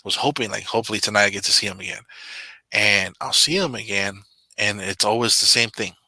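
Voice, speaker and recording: An earnest man recounts a personal story in casual conversation, full of fillers and restarts. His voice sits low but has a very bright, edgy timbre. The sound is close and dry. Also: fairly even intonation, a little fast, no room sound. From Samoan. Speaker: channel member guest. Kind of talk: casual video call chat.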